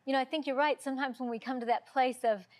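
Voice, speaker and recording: A woman hosts a TV talk show, her voice a touch higher than most. She answers her guest with affirming, encouraging remarks. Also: steady tone, quick pace. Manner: warm affirming responses. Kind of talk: interview.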